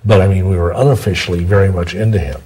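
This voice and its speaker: A man's voice: low voice, fairly even intonation, quick pace, dark tone, slight background noise, low-quality recording. A man as an interview guest, explaining things at length in a rambling, digressive way. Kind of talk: long-form interview, storytelling.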